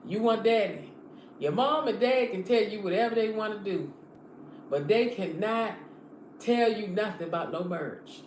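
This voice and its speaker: In a mid-range, slightly mellow voice, a woman preacher addresses her live-stream viewers directly with a fervent, repetitive motivational sermon. The room is echoey, and a faint background hiss can be heard.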